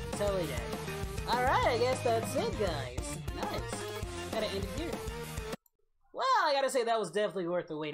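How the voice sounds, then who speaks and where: A woman hosting a casual reaction video, bursting into loud exclamations and then rambling as she thinks aloud. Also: medium pitch, slightly rough. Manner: excitable, loud outbursts and exclamations.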